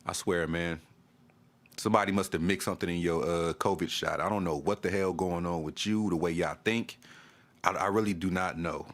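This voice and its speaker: This sports vlogger has a low voice, a steady tone, and a moderate pace. He rants to camera as an exasperated fan, repeating himself and stammering whenever he restarts.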